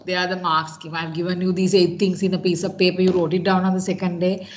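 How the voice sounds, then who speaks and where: A woman's voice: on the low side, flat delivery, fast talker, dull audio, slight background noise. A woman teacher with a Sri Lankan English accent giving an online class lecture. She keeps checking in with her students by asking "right?". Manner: instructive, checks in with frequent "right?".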